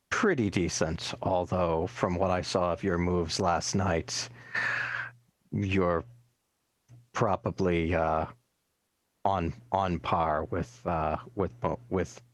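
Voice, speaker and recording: A man takes part in a tabletop game, talking in a deliberate, hesitant way. His voice sits very low, he speaks slowly, and the sound is dry and close. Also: no echo. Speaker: player.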